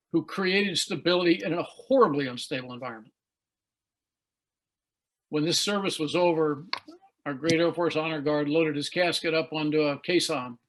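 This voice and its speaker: An American man in his sixties speaks over a video call, his voice pitched a little high for a man. He tells leadership stories earnestly and grows emotional at times. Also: rough recording. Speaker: guest speaker.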